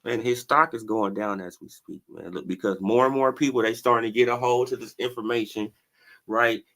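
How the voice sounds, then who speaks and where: A man's voice: mid-range voice, fairly even intonation, a little fast, fairly bright tone. A man hosting a casual boxing commentary stream, talking animatedly in slang, laughing often and tossing in "right?" and "bro". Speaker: boxing commentary channel host.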